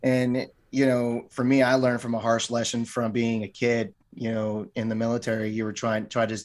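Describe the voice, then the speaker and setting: A man's voice: mid-range voice, monotone, moderate pace. A middle-aged man, a martial arts gym owner and podcast guest, talking casually and rambling, often repeating words and restarting.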